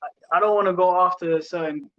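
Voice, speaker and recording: Young man, relaxed slangy storyteller, high voice, dull muffled recording. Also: brisk. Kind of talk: casual chat.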